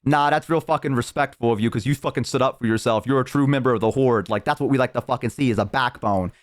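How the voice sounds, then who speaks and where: A man's voice: medium pitch, fast, dry recording, studio quality, lightly acted. A young man playing a brash, swaggering male orc warrior who talks crudely and aggressively. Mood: gruff approving.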